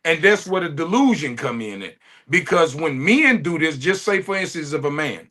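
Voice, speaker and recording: Blunt raspy man with a Chicago accent. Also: on the high side, very animated, normal speed. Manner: blunt, forceful, peppers points with "okay?". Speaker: panelist. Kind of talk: heated panel debate.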